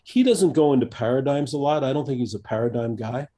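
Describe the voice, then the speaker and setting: A man in his fifties, a coach being interviewed on a podcast, speaking thoughtfully and haltingly with many restarts and fillers. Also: mid-range voice, warm tone. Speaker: executive coach, guest.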